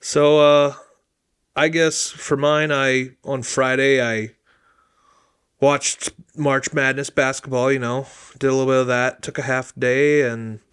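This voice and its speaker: A young man co-hosting a podcast, recounting his weekend in a laid-back, relaxed way. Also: medium pitch, measured pace, clean tone, dry recording, studio quality. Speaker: podcast co-host. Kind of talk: casual chat.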